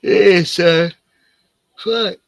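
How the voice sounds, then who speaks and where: A man's voice: high-pitched, extremely slow, creaky, no echo, rough recording. A middle-aged man chatting casually on a late-night stream, tired and rambling, trailing off often and swearing a lot.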